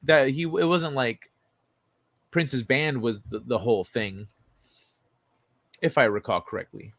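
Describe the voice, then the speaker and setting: A man's voice: mid-range voice, steady tone, a little slow, vocal fry, fairly bright tone, dry recording. A man hosting a casual livestream, reading an article and chat messages aloud and chatting loosely with frequent fillers and the odd swear word. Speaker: livestream host.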